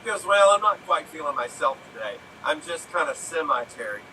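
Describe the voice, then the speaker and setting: A man riffs through quick improvised bar jokes in a loose storytelling way. His voice is very bright and sharp and a little high. He sounds set back from the mic, with faint noise around him. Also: big pitch swings, distant mic, rough recording. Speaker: improv player. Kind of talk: telling improvised joke setups.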